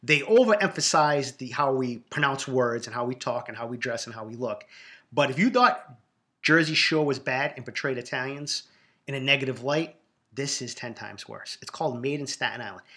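A Boston man with a Boston accent delivers a casual, profanity-laced rant about reality shows. He is blunt and ranting throughout. His voice is bright and forceful, at an ordinary middle pitch. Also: lively intonation, moderate pace. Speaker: reality TV reviewer.

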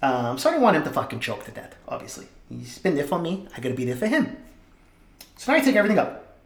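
A young man, hosting a podcast and telling stories in an animated, profane, jokey way. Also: on the high side, quick pace, echoey room. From Boston area. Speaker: podcast host. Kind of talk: casual storytelling monologue.

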